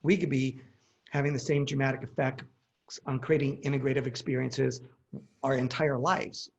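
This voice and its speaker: A man's voice: medium pitch, little pitch movement, moderate pace, gravelly, lo-fi sound. A man in his forties telling a personal story in casual conversation, acting out the quoted dialogue.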